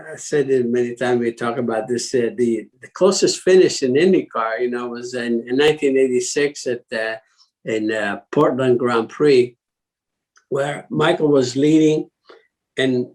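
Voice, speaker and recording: A man's voice: medium pitch, low-quality recording. A man, a guest telling rambling anecdotes with chuckles and many restarts. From Italy. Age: 80s. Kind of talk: casual anecdotal storytelling.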